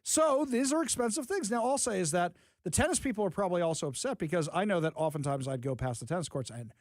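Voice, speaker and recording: A man's voice: high voice, quick pace, no room sound, clean studio sound. A middle-aged man hosting a talk show, chatting casually and acting out the quotes in his stories. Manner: animated storyteller, acts out quotes. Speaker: radio talk show host. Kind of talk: casual chat.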